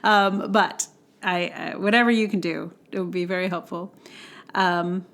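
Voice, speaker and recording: Woman podcast host from New York, slow and unhurried, lowish voice, rambling chatty monologue. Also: fairly even intonation, fairly bright tone. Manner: rambling, chatty, self-deprecating asides.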